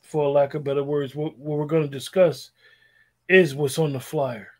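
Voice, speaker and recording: Husky-voiced male livestream host. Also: steady tone, normal speed. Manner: polite, low-key, addresses chat. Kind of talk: casual livestream talk.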